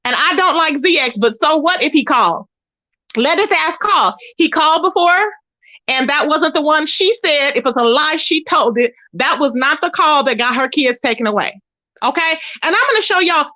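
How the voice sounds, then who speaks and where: A woman's voice: high voice, lively intonation, normal speed, pushed and bright. A woman hosting a casual gossip commentary livestream, sassy and emphatic, often mimicking others in a raised voice. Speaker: YouTube commentary host. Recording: dull lo-fi sound.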